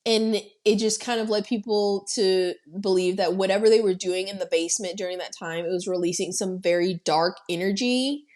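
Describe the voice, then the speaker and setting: A woman co-hosting a podcast, recapping a horror film in animated casual chat and swearing freely. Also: medium pitch, normal speed, few pauses. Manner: animated storytelling, heavy swearing, acting out quotes. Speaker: podcast co-host.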